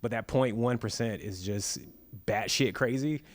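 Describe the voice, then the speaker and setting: A man's voice: mid-range voice, a little slow. A man, an author at a live bookstore event, telling anecdotes and acting out the quoted dialogue. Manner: lively storyteller, acts out quoted dialogue. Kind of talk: storytelling at a live book talk. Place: bookstore stage before an audience.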